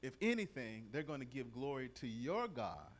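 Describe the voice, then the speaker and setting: A middle-aged man preaching a sermon in a lively, conversational way, reading verses and telling stories. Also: mid-range voice, moderate pace. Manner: lively, conversational, acts out quoted voices.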